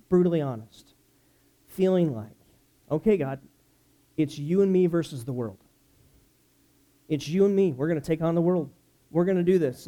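A man from the United States preaching a sermon as a pastor, telling stories with animated energy that climbs loud when excited. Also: on the high side.

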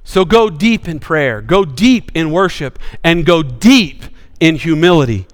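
A male pastor preaching with passion, swinging from bold rises to sudden hushed drops. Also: on the high side, expressive, a little slow, long reverb tail. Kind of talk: sermon.

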